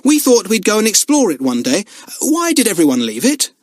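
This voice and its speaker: A cheerful boy who refuses to be scared and teases politely, as a man reading an audiobook voices him. The voice is slightly raised and very lively in pitch, recorded close and dry. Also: a little fast, no room sound, full character voice. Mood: curious. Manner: cheery and polite, lightly teasing. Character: cheerful, unafraid, teasing boy. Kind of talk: audiobook character voice.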